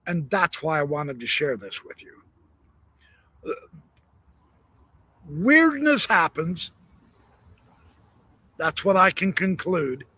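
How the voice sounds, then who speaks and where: A male host giving slow, reflective commentary on a live stream. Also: on the high side, sing-song, bright, forceful tone, breathy edge. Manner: slow, reflective, drawn-out phrasing.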